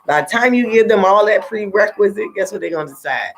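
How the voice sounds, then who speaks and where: A woman's voice: mid-range voice, animated, quick pace, vocal fry. Blunt, profane middle-aged woman. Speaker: tarot reader. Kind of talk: casual livestream talk.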